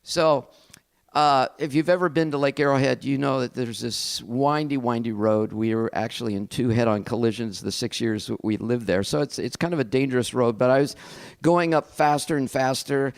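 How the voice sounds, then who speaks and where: A middle-aged man speaks as a pastor sharing a personal testimony, his pitch sitting squarely in the middle range. He tells his story candidly and reflectively, with a self-deprecating edge. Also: gravelly, smooth.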